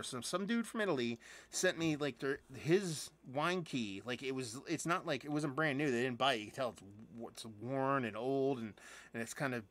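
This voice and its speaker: A man's voice: mid-range voice, moderate pace, fairly bright tone. A man hosting a casual live beer unboxing, chatty and rambling, with lots of fillers and restarts and some casual swearing. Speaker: beer reviewer and channel host.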